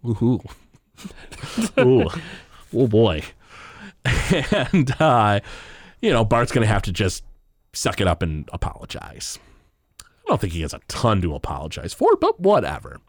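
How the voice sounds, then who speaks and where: A man's voice: fairly low pitch, wildly swooping pitch, a little slow, pauses often, no room sound, studio quality. A man co-hosting a podcast in casual chat, retelling scenes loosely with many fillers and laughs. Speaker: podcast co-host recapping an episode.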